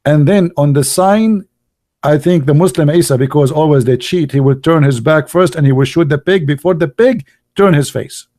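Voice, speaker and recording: A sarcastic Middle Eastern man hosting a channel delivers a mocking monologue in English, dropping fillers and laughing at his own jokes. His voice is a little high and warm, at a moderate pace, recorded close and dry with no room behind it.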